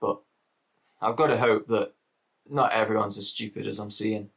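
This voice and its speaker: A man's voice: fairly low pitch, fairly even intonation, moderate pace, a bit bright, breathy edge. A man with an English Midlands accent ranting casually as a reaction video host, swearing and repeating himself.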